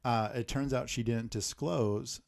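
Male podcast co-host, mid-pitch, chatty and animated while retelling a film plot. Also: a little slow, creaky, heavy background noise. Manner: animated retelling, acting out characters' lines. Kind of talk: casual movie recap.

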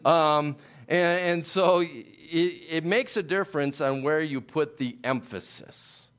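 A man preaching a sermon in a conversational, halting way, with many fillers and restarts. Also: a little high, a bit bright, clear, resonant tone. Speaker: pastor.

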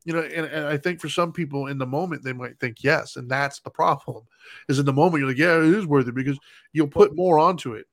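A man's voice: on the high side, a little fast, no room sound, clean studio sound. A man in his thirties co-hosting a casual chat, explaining his thoughts in long run-on sentences. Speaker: podcast co-host.

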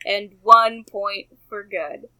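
A woman's voice: medium pitch, slow, bright, forceful tone, rough recording. A woman hosting a casual podcast chat, playful and teasing, laughing often. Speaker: podcast host.

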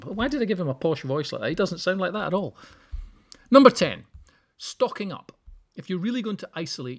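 A man with a voice on the high side hosts a solo podcast, sounding animated and brisk. He hands out practical tips and sprinkles in wry, joking asides.

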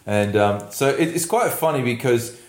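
A man's voice: medium pitch, animated, moderate pace. Rambling man in an echoey room. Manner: rambling, hesitant, lots of fillers and laughs. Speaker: podcast co-host. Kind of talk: casual movie recap chat.

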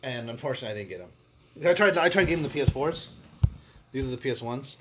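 A man on a casual podcast, telling a story with lively acted-out quotes and frequent laughter. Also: medium pitch, quick pace, background noise. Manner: animated storyteller, acts out quotes, laughs often. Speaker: podcast co-host.

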